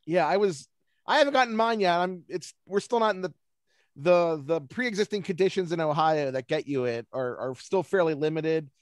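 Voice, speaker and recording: A man's voice: a little high, normal speed, dry recording, clean studio sound. A man speaking as a guest on a video call, telling rambling, self-deprecating stories in a casual chat. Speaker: guest speaker, baseball forecaster.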